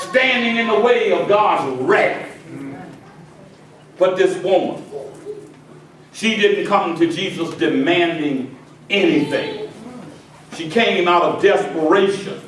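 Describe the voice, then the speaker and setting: A pastor preaching a sermon to his congregation, swinging between quiet asides and shouted climaxes. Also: high-pitched, slow, long pauses, noisy background. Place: church sanctuary with congregation. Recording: very echoey church hall from far off with congregation. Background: congregation responding and laughing.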